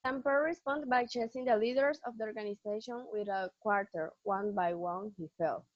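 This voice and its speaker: A teenage girl with a fairly high voice reads her school presentation plainly and steadily. The recording is very dry and a bit dull. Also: no room sound. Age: teens. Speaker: student presenter. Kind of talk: reading a prepared school presentation.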